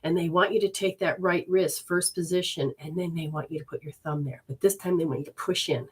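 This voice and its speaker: A woman's voice: fairly low pitch, fairly even intonation, a little mellow, slightly rough. A woman leading a live healing session and giving readings, soothing and coaxing with repeated instructions. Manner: talks to viewers and spirits, switches fast between voices.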